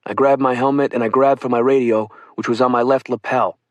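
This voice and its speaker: A man giving a steady first-person reading of a witness account for an audiobook. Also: mid-range voice, a little fast, no echo. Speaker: audiobook reader.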